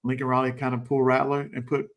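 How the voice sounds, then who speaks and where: A man's voice: mid-range voice, monotone, fast. Emphatic man breaking down plays. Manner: emphatic, acts out quotes, folksy. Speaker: co-host and coach. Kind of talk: casual sports talk.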